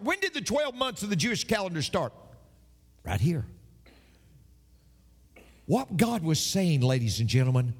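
High, lively man preaching slowly. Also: vocal fry, slightly rough, big-room sound. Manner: emphatic preaching with dramatic pauses and repetition. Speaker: pastor. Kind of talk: sermon.

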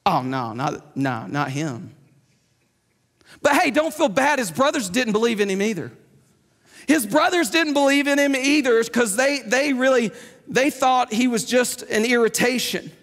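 A man's voice: very high-pitched, moderate pace, fairly bright tone. A man preaching a sermon in an emphatic, conversational way, repeating his key points. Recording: long hall reverb.

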